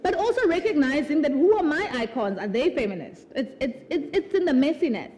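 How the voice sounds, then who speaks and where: This woman author, whose high-pitched voice is expressive and a little mellow, talks fairly quickly at her book launch before a live festival audience. Her animated chat is full of laughter and restarts with repeated words, and slight background noise is present.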